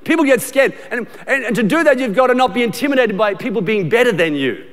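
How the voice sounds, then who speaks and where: A middle-aged Australian pastor delivers a sermon to his congregation in a fairly high, slightly bright voice, speaking quickly with lively intonation. He is emphatic and repetitive, often restarting his sentences. A long reverb follows his words through the large church auditorium.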